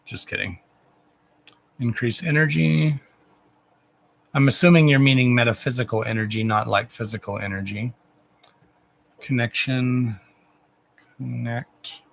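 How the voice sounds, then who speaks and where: A man's voice: mid-range voice, fairly even intonation, a little slow, vocal fry, long pauses, a little hiss or hum, rough recording. A man hosting a live psychic reading stream, chatting in a rambling, casual way, swearing now and then and talking to his pets.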